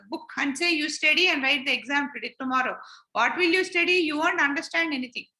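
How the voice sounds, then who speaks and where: Woman teaching children scripture; bright, high, explains by asking questions. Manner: explanatory, repetitive rhetorical questions. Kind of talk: spiritual lesson. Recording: roomy echo.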